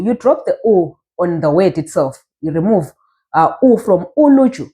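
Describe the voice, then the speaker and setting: A woman with a Zimbabwean Ndebele accent teaching a language lesson, saying each word slowly so learners can repeat it. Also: mid-range voice, very animated, mellow. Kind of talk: slow spoken language lesson.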